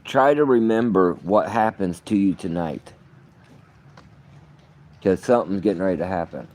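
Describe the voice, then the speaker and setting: Here a male vlogger with a low, darkish voice talks at a moderate pace. His monologue rambles and is full of profanity, shifting from muttering to bursts of shouting.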